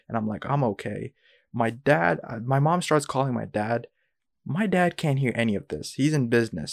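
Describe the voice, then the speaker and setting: A young man hosting a podcast, rambling through a story with lots of "like" and quick asides. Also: mid-range voice, creaky, no room sound, clean studio sound. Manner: rambling, animated retelling with frequent "like" and asides. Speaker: podcast host. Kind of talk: casual storytelling.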